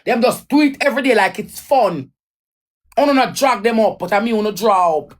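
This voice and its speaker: A woman's voice: fairly high pitch, fairly quick. A Jamaican woman telling an emotional personal story in a raw, emphatic way, often repeating her lines. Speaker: livestreamer.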